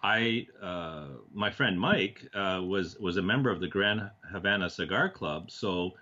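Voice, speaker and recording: Low-voiced man telling animated stories. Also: measured pace, muffled recording. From Canada. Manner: animated, acts out quoted dialogue, frequent restarts. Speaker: TV producer, interview guest. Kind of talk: casual storytelling in a talk-show interview.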